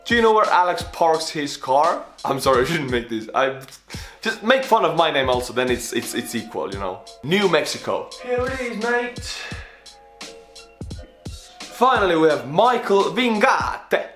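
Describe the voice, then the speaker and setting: A man's voice: fairly high pitch, moderate pace. Joking young man in a roomy echo. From Estonia. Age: 20s. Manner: playful, jokey, excitable shout-outs. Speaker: YouTube host reacting to a video. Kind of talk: casual reaction commentary. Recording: roomy echo with faint music.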